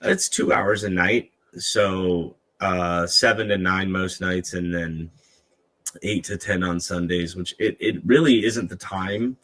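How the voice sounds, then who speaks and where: A man with a very low voice co-hosts a casual podcast. He rambles and teases the others in an easy, loose way. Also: steady tone, takes it slowly, fairly bright tone. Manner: rambling, teasing. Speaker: podcast co-host.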